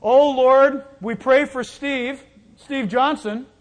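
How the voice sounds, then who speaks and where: A man voicing a gossiping churchgoer who prays aloud in a hesitant, halting way, full of uh's. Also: very high voice, fairly even intonation, pitched above the performer's own voice. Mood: mock-pious.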